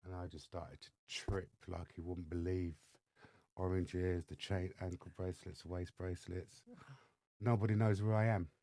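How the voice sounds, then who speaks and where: A man with an English accent, a podcast guest telling his life story in lively fashion and acting out the voices of others. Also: low voice, normal speed, no room sound, clean studio sound. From England. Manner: animated storyteller acting out dialogue. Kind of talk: storytelling interview. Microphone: studio microphone.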